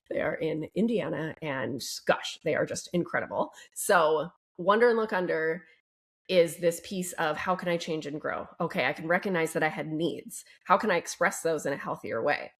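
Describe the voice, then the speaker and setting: A woman with a slightly low voice talks as a podcast guest. She is upbeat and expressive and leans on key words with gentle emphasis. She speaks as a relationship coach explaining her approach. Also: gravelly.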